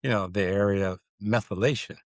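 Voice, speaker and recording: A man co-hosting a podcast in casual chat, animated and playful, drawing out words for emphasis. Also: on the low side, brisk, no room sound, clean studio sound. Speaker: podcast co-host.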